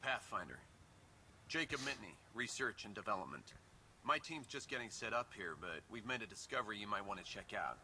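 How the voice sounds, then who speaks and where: A man's voice: on the low side, sing-song, fairly quick, pushed and bright, a little hiss or hum, full character voice. An actor voicing an earnest male research scientist in a video game, polite and businesslike. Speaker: game character.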